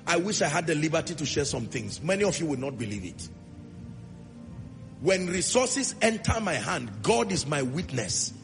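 A man's voice: high voice, gravelly, fairly bright tone, big-room sound. A Nigerian man preaching a sermon as pastor, emphatic and hammering repeated refrains.

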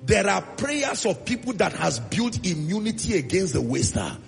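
Nigerian male pastor, high animated preacher with fry, pounding refrains, in a reverberant hall over soft music. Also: normal speed. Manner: emphatic preaching with repeated refrains. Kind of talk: sermon.

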